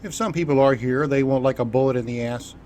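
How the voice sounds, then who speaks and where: A man's voice: medium pitch, fast talker, darkish tone, a little hiss or hum, natural voice. A man voicing a stoic male leader who gives terse, commanding orders.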